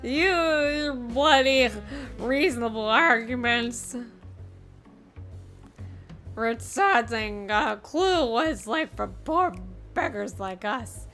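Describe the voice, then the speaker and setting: A woman voicing a gruff, hard-drinking male blacksmith in a fan voice-over of a game cutscene, with a coarse put-on pirate-style brogue. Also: on the high side, expressive, slow pace, a bit bright, faint music behind, heavily acted. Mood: grumbling.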